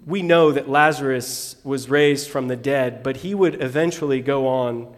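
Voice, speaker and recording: A man preaching a sermon, reading scripture aloud and swinging between loud bursts and hushed lines. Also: mid-range voice, moderate pace, in a large hall. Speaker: pastor.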